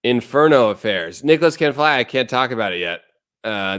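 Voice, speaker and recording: Male streamer in his thirties, casual and profane, smooth voice, dry close-mic sound. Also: mid-range voice, expressive, normal speed, fairly bright tone, dry recording. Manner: blunt, profane, rambling, reads chat aloud. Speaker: livestream host. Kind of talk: casual livestream chat.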